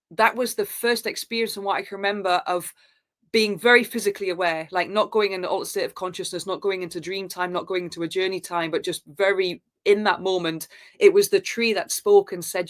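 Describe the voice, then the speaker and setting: Woman, podcast guest, earnest spiritual storytelling, halting with fillers, medium pitch. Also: fairly even intonation. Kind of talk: reflective personal storytelling.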